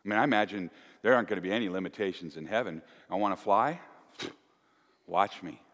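Animated man preaching in an echoey church. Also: on the low side, quick pace. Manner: animated, folksy, with playful asides. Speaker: pastor. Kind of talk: sermon.

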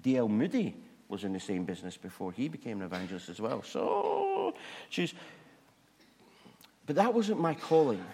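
Male preacher, animated self-mocking storyteller, reverberant hall sound. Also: lowish voice. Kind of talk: humorous testimony sermon.

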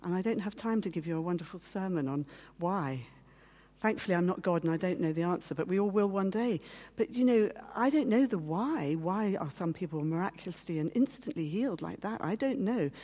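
A woman speaks to a gathering in a personal testimony, her voice low and mellow. She tells her story with feeling and slips into the voices of the people in it. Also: expressive, brisk. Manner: storytelling, acting out quoted voices; heartfelt, at times teary. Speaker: guest speaker. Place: meeting hall.

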